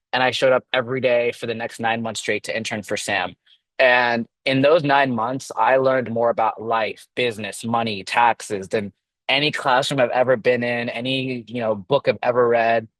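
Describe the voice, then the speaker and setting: A man in his twenties, a real estate agent, telling his story in a casual, animated way, acting out quoted dialogue as he goes. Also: medium pitch, no echo. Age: 20s.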